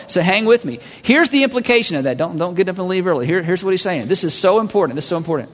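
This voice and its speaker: A man preaching a sermon as a pastor, animated and acting out voices of listeners and God. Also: high-pitched, rapid-fire, few pauses. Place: large church hall. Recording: long hall reverb.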